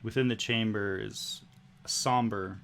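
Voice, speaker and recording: A man narrating as game master, in a slow, hushed style with pauses. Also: on the low side, steady tone, gravelly, slight background noise.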